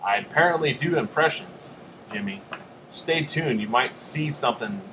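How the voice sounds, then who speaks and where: A man's voice: medium pitch, animated, normal speed, background noise. A man hosting a casual live stream, rambling and joking as he answers chat.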